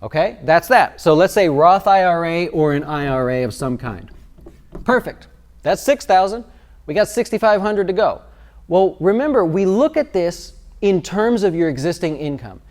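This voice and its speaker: A man's voice: high-pitched, very animated, moderate pace. Chatty man explaining money basics. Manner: conversational, asks rhetorical questions. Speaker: financial advisor. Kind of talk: explanatory video talk.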